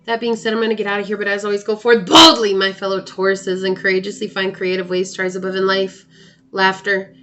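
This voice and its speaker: A woman giving a tarot reading to her viewers, reading card texts aloud and offering gentle, encouraging advice. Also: mid-range voice, little pitch movement, fast, slight background noise. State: hiccuping. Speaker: tarot reader.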